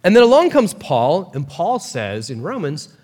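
A man preaching a sermon as a pastor, talking in a casual, animated way with quick asides. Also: fairly high pitch, long reverb tail.

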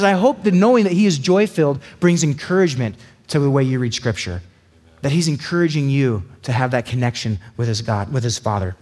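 A man preaching a casual, conversational sermon, chatty and animated, often acting out quick little voices to make a point. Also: medium pitch.

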